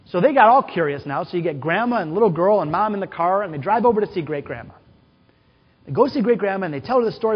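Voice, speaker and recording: Animated man speaking in a conference hall. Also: high-pitched, fast, breathy edge. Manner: animated, storytelling with quoted voices and questions to the audience. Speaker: keynote speaker. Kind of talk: conference keynote storytelling. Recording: dull, hall-echoed conference recording.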